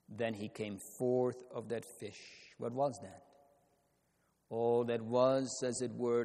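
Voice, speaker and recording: Slow, measured preacher in a reverberant hall. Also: male voice, medium pitch, warm tone. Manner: slow, measured preaching with rhetorical questions and old-style scriptural phrasing. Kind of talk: sermon.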